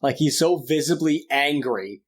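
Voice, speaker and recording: A man co-hosting a casual podcast, with a voice a little higher than most men's. He talks in loose, rambling stretches, full of fillers and false starts as he tells a story. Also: expressive, a little slow. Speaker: podcast co-host. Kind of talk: casual chat.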